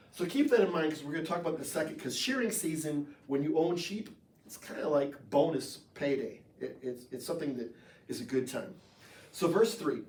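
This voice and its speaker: An American man preaching a sermon as pastor, in a conversational, animated way with jokes. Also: a little high. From United States. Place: church sanctuary. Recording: echoey room, voice from far off the mic.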